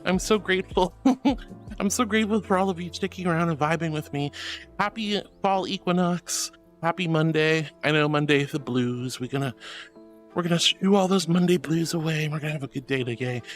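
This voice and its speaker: A man streaming live, reading chat aloud and chatting casually, affectionate and giggly, calling his viewers sweetheart and darling. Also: fairly high pitch.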